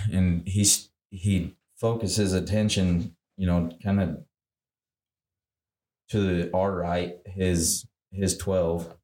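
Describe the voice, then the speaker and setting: Low-voiced hunting guide in a roomy echo. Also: male voice. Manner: animated, acts out his own quoted lines. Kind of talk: casual storytelling.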